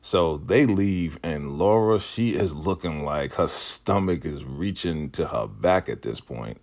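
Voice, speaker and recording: A man with an extremely low, rumbling voice talks through a TV episode in a relaxed, slangy vlog style. He leans on "like" and casual phrasing and keeps the tone loose and conversational. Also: a little slow. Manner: slangy, loose, says "like" constantly. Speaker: vlog host recapping a TV episode.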